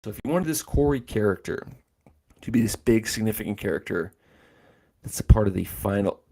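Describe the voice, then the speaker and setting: A man hosts a casual livestream, rambling along with lots of fillers and restarts. His voice sits low and is deeply gravelly, with a dark, mellow tone. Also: animated, a little fast. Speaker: host.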